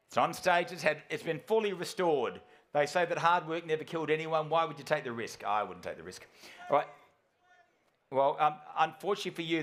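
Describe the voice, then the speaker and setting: A man with a New Zealand accent calling bids at a live auction, rattling off amounts in a quick patter with quips for the floor. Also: a little high, a bit bright. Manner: rapid patter with quips, chanting bid amounts.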